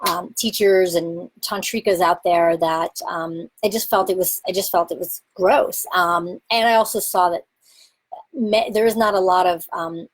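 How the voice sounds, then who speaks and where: A woman with a somewhat low voice talks candidly to camera about her own experiences. Her delivery is open and reflective, loose with fillers and occasional laughter, in the manner of a sex educator addressing her community. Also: steady tone, a little slow, husky. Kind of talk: candid personal talk to camera.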